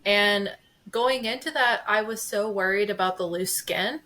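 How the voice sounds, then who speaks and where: A woman's voice: mid-range voice, a little slow, pushed and bright. Woman co-host, open and confiding, casual delivery. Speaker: podcast co-host. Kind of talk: casual podcast chat.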